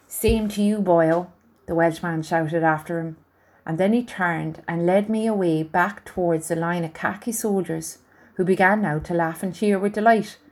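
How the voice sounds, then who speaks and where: Woman reading a story, mellow and low. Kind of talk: reading a novel aloud.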